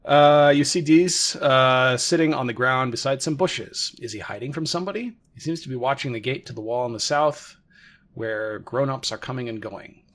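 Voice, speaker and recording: A man's voice: medium pitch, normal speed, fairly bright tone. A man hosting a casual let's play, chatting, laughing often and reading the game's text aloud. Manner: chatty, laughs often, trails off mid-thought.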